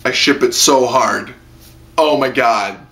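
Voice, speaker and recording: A young man chatting through an anime review from his room, loose and rambling with plenty of filler. His voice is bright and a little sharp, pitched in an ordinary middle register. He jumps into high squealed voices when quoting characters. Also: takes it slowly, creaky. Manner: rambling, excitable, lots of "like" and squealed quoted voices. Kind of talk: casual spoken review. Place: room at home with a lamp.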